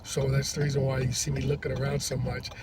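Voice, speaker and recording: A man who drives for a rideshare service, telling a story to camera in a halting, rambling way, from inside a parked car. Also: mid-range voice, level tone. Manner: rambling, halting with many restarts. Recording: distant mic with loud traffic noise. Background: loud vehicle and road noise.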